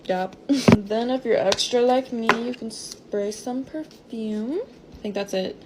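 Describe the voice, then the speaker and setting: A woman's voice: on the high side, slow pace, very noisy. A woman talking through her routine in a casual beauty vlog, enthusiastic and conversational.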